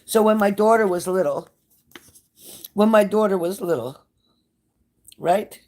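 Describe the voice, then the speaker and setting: A woman's voice: mid-range voice, measured pace, darkish tone. Older woman, psychic reader hosting a live stream; casual, emotional, scattered, chatty with viewers.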